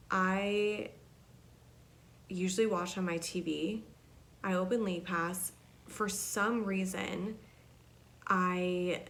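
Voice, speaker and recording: Female podcast host with a somewhat low voice, chatty and rambling, telling everyday stories solo. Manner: rambling, chatty, peppered with "like" and "you know". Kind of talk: casual storytelling monologue.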